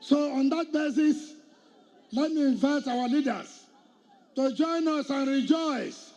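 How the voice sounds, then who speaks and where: A middle-aged state governor with a Nigerian accent talks slowly in an extremely high, darkish voice, and the recording's highs are cut off. At an outdoor event, he combatively pelts the crowd with rhetorical questions and challenges.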